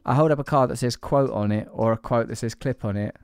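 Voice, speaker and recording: A man's voice: mid-range voice, fast talker, gravelly, darkish tone, no echo, clean studio sound. A man hosting a podcast in loose, rambling chat, teasing his co-host and laughing often. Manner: playful, teasing, breaks into laughter.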